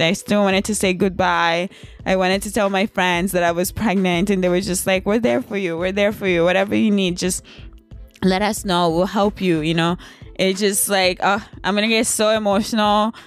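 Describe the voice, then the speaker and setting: A young woman telling a storytime video in a loose, candid way. Her pitch sits in a middle range, and she laughs easily while speaking bluntly. Faint music plays in the background. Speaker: vlogger. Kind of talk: casual storytime.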